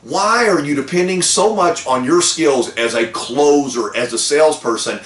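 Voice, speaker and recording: A man hosting a car sales meeting, giving an energetic, folksy motivational pep talk. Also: on the high side, normal speed, reverberant. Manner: energetic, folksy, lively with whoops.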